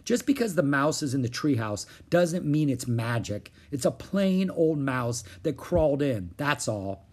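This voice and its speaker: A man's voice: mid-range voice, big pitch swings, a little slow, few pauses. A man voicing a cautious, skeptical young boy who talks in a doubtful, slightly grumpy way. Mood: scoffing. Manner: doubtful and sighing, a bit grumpy.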